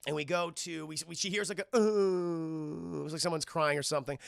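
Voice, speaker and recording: Gravelly, high-voiced man ranting to chat. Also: very fast, pushed and bright, no echo, studio quality. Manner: rambling, profane, addresses chat constantly. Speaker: film review streamer. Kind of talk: live-streamed scene-by-scene film recap.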